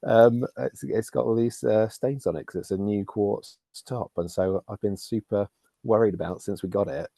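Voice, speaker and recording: Low, mellow-voiced man on a call. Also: normal speed, no room sound. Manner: hesitant, chatty, laughs at himself. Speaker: workshop participant. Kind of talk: casual chat. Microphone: video call.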